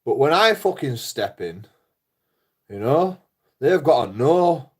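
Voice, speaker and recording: A man's voice: medium pitch, very animated, slow pace, slightly rough. A man talking in a casual, rambling monologue, blunt and full of swearing, often laughing. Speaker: YouTuber.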